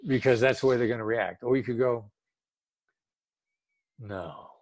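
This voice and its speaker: A man's voice: medium pitch, flat delivery, quick pace, a little mellow, dry recording. An older man speaking as an expert guest in a casual interview, emphatic and drawing out words for stress.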